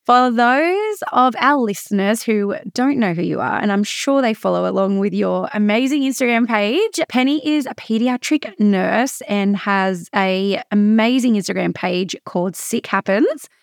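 A woman's voice: mid-range voice, lively intonation, unhurried, gravelly, hardly any pauses, no echo, clean studio sound. A woman co-hosting a parenting podcast in a casual, chatty way with lots of fillers. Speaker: podcast co-host; mother of school-age kids. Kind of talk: casual chat.

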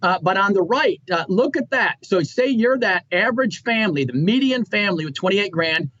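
High-voiced man explaining charts, dull audio. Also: lively intonation, normal speed, fairly bright tone. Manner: explanatory, with frequent "uh" fillers. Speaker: guest commentator. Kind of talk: political commentary explaining charts.

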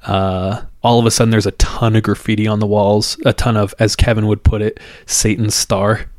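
A man's voice: lowish voice, flat delivery, moderate pace, a little mellow, no echo. A man hosting a podcast, telling a story in a loose, conversational way, repeating words and using fillers. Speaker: podcast host. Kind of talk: casual spoken storytelling.

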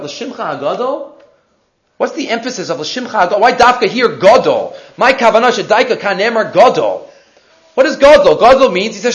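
A male rabbi with a high-pitched voice leads a Torah class. He quotes sources and keeps asking his listeners rhetorical questions. The recording is dull and slightly muffled.

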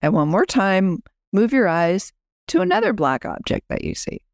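A woman's voice: mid-range voice, huge pitch swings, normal speed, gravelly, no echo, studio quality. A woman podcast host and business coach, chatting as she explains her program and guides listeners through an exercise.

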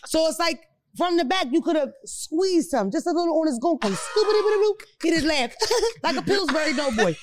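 A woman hosting a casual podcast chat, animated and joking, swearing freely as she tells stories. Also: high voice, a little fast, very noisy. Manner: animated, profane, joking storyteller. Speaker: podcast host.

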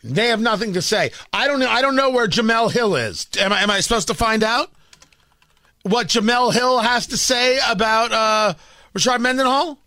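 A man's voice: extremely high pitch, moderate pace, sharp tone, no echo, studio quality. A male talk radio host delivering a combative, ranting opinion monologue, often stumbling and repeating words.

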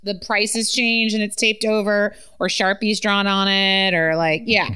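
Give me a woman podcast guest with a bright, smooth voice, telling stories casually. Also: mid-range voice, moderate pace. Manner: animated storyteller, swears, many fillers. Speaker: podcast guest, former restaurant server.

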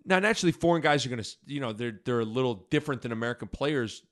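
A man hosting a loose, conversational sports podcast while sharing wine with a guest. He talks in a medium-pitched voice, wandering through his thoughts, circling back with restarts and quick apologies when he misspeaks. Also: fairly bright tone. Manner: rambling, self-interrupting, quick to apologize and restart. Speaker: podcast host. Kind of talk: casual sports chat over wine.

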